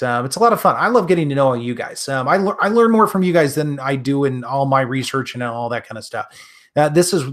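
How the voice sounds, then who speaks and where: A friendly man with a Midwestern accent, talking loosely through a live stream. His pitch sits in an ordinary middle range, and he stumbles and restarts often, filling gaps with ums and uhs. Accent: Midwestern American. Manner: friendly, rambling, many fillers and restarts. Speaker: gun channel host answering live chat. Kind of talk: casual live-stream chat.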